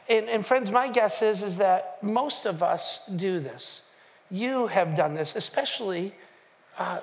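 A male pastor with a high-pitched voice delivers a conversational sermon. He speaks directly to the congregation, asking them questions and restarting his sentences as he goes. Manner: conversational, with frequent fillers and restarts.

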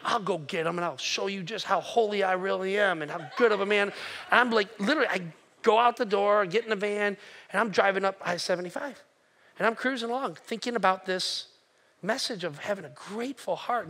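A man preaching a sermon, telling stories with animated energy and rising to near shouting. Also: high-pitched. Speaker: pastor.

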